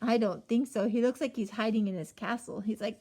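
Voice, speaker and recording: A woman's voice: on the high side, fairly even intonation, a little fast, mellow. A young woman reading a picture book aloud to children, asking them questions and gasping as she goes. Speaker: storyteller.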